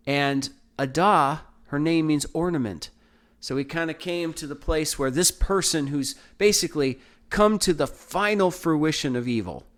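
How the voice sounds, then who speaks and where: A man's voice: mid-range voice, fairly bright tone. A man hosting a podcast Bible study, explaining verses in a thoughtful, teaching manner with frequent restarts. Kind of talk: casual Bible study talk.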